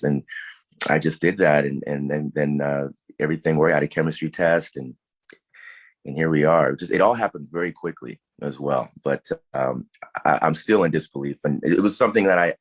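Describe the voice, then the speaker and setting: A man's voice: extremely low pitch, moderate pace, breathy edge, dry recording. A man, an actor, answering interview questions in a casual, thoughtful way with many fillers and restarts.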